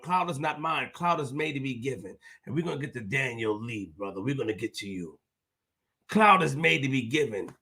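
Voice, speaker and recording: A high, animated man hosting a livestream, veering from low mutters into full shouts. His voice is bright and tense, with a gravelly edge. He repeats himself hard for emphasis. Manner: repetitive, emphatic. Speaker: show host. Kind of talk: livestream rant to viewers.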